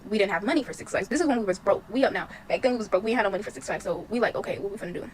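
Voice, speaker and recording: Rapid-fire slangy young woman. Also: mid-range voice, a little hiss or hum, rough recording. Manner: slangy, chatty, swaggering. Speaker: storyteller. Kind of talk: casual story time.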